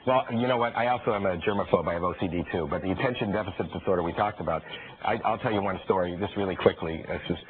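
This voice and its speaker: A middle-aged man, a comedian guest, telling a story with animated energy, stumbling over quick restarts and repeated words. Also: sits low. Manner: stammering restarts, rapid repetitions. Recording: tinny phone-like radio broadcast with crowd.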